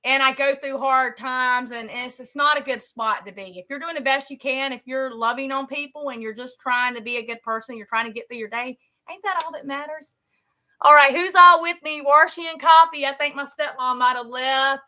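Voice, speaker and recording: A woman chats on a live stream from her home, her voice high and bright. She rambles in a folksy way and often starts a phrase over. She keeps calling her viewers "y'all" as she talks to them. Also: a little fast. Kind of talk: casual live-stream chat. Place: home, a trailer.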